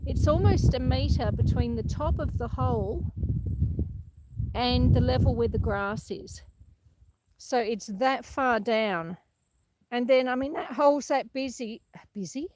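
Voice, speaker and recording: A woman's voice: fairly high pitch, slow pace, pauses often, heavy background noise. A woman with an Australian accent hosts a live stream while walking through a paddock on her rural property. She chats in a rambling way, laughs often and answers comments from her viewers. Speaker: homestead vlogger hosting a live stream.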